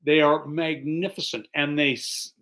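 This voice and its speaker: Male pastor, relaxed teaching sermon, slightly high voice, conversational delivery. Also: a little slow. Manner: relaxed, chatty, explains as he goes. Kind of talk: conversational sermon with scripture reading.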